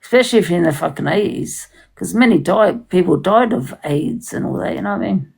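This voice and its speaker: A woman with a gravelly, raspy voice talks in a loose, rambling way. She swears freely and keeps restarting her sentences. It sounds like a casual livestream chat. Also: on the low side, expressive, brisk, a little mellow, poor audio.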